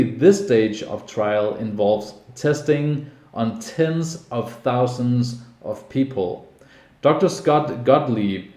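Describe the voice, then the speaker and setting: Male news vlogger from Denmark, mellow tone, sarcastic commentary, roomy recording. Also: mid-range voice. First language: Danish. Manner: wry, sarcastic asides. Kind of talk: casual news commentary, reading articles aloud. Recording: echoey room.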